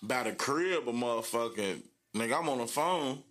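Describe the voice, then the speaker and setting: A man's voice: medium pitch, animated, normal speed, a bit bright. A man in casual banter with friends, rambling through an anecdote with restarts. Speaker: friend in group chat.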